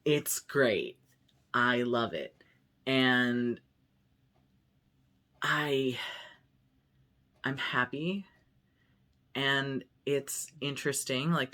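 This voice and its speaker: A man with an androgynous, mid-pitched voice chats loosely to camera. He rambles and restarts, and fills his sentences with "like" in an easygoing vlog style. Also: sharp tone. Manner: chatty, rambling, lots of "like". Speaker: vlogger. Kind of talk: casual vlog chat.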